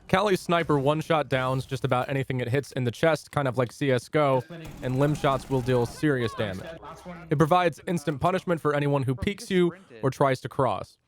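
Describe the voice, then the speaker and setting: A young man reading a scripted game guide with dry, jokey asides. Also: mid-range voice. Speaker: gaming YouTuber.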